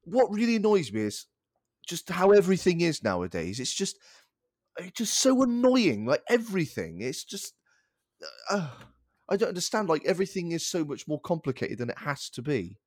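A man sounding off in an exasperated rant, his pitch swinging widely as he gets worked up. He swears casually, and his voice sits dry and close to the mic, with no room around it. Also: very animated, normal speed, darkish tone, no echo. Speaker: podcast co-host. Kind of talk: casual chat.

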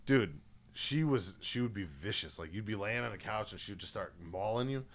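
A man's voice: fairly low pitch, lively intonation, normal speed. A man hosting a casual podcast, telling rambling, profane stories. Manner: profane, rambling storytelling with laughs. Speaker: podcast host. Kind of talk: casual chat.

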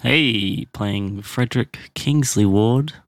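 A man's voice: fairly low pitch, takes it slowly. A man playing in a tabletop game, laid-back and joking in casual chat. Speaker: player.

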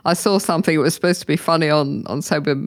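A woman's voice: sits low, quick pace, dry recording, clean studio sound. A woman hosting a podcast interview, affirming her guest and asking guiding questions. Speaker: podcast host. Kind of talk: casual interview chat.

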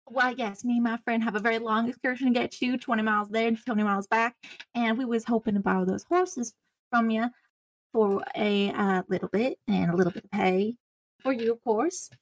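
A woman playing a lively, folksy adventurer who haggles over price. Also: a little high, a little fast, no room sound. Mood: bargaining.

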